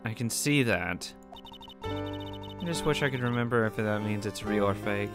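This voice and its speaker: A man's voice: fairly low pitch, wildly swooping pitch, a little slow. A man giving casual, irreverent let's play commentary and reading game dialogue, swearing and laughing at himself. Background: game music.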